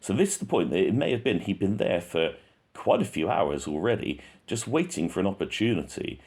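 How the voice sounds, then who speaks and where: A man's voice: low voice, big pitch swings, brisk, a little mellow, breathy edge. A man hosting a true crime channel, talking casually and thinking aloud with frequent restarts.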